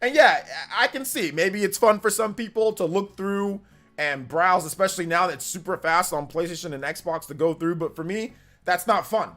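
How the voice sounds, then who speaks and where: A man hosting a casual gaming live stream, excitable, repeating himself and laughing at himself as he talks. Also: high-pitched, moderate pace.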